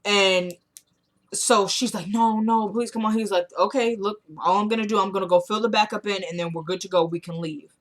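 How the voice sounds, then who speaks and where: A woman's voice: mid-range voice, fairly even intonation, brisk. A woman casually recapping a TV drama episode, retelling the scenes in quoted dialogue and adding her own blunt opinions.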